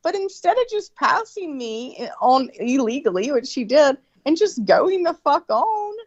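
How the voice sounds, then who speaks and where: Profane animated woman, lo-fi dry sound. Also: high voice, measured pace, dry recording. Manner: profane, animated, many fillers and restarts. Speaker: guest recounting a story. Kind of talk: casual storytelling chat.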